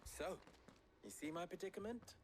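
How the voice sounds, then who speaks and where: An actor playing a wise, calm innkeeper in a video game, speaking deliberately and thoughtfully. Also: male voice, high voice, slight background noise, close to an everyday voice. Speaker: game character.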